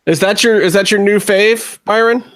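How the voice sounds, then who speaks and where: A man co-hosting a wrestling chat show, excitable and teasing, laughing often. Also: high voice, normal speed. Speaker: podcast co-host. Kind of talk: casual chat.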